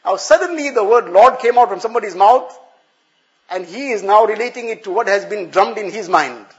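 A man's voice: high-pitched, lively intonation, a little fast, highs cut off. A male preacher giving an earnest, explanatory sermon, repeating phrases for emphasis.

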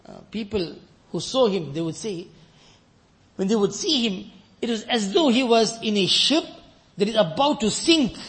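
High-voiced fervent male preacher. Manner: swings from loud fervent peaks to quiet storytelling; mixes Arabic quotations into English. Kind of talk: sermon.

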